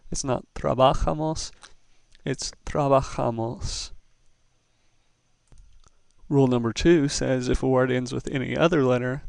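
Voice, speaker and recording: Patient man teaching with a gravelly voice. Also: medium pitch, darkish tone, no room sound. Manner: patient, methodical explaining. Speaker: Spanish teacher. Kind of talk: recorded classroom lesson.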